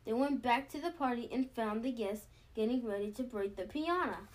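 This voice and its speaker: A woman reads a children's picture book aloud at a steady pace. Her voice sits fairly high, and she stumbles and restarts a word now and then. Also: normal speed. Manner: steady reading with small slips and restarts. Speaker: storybook reader.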